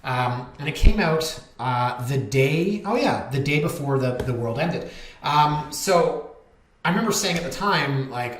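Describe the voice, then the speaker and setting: A man's voice: mid-range voice, lively intonation, unhurried. Man, real estate agent, candid and chatty, echoey room, faint background noise. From Canada. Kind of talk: casual market commentary over listings.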